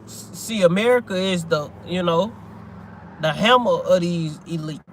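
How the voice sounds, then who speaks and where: Man, high-pitched for a man, rambling, animated, profane, casual chat, faint background noise. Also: a little slow.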